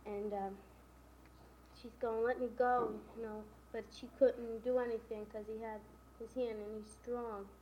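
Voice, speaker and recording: In an unhurried, slightly high voice with little pitch movement, a woman loosely retells a novel's plot, piling on "and then" and "you know." The recording is lo-fi and dull, faintly hissy.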